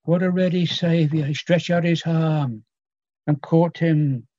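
A man preaching a sermon, slow and earnest, quoting old scripture with pauses and appeals to his hearers. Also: on the high side, fairly even intonation, mellow, no echo. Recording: dull lo-fi dry sound.

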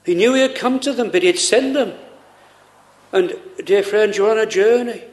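With a high voice, a man preaches a sermon earnestly and pleadingly. He fills it with pauses and rhetorical questions.

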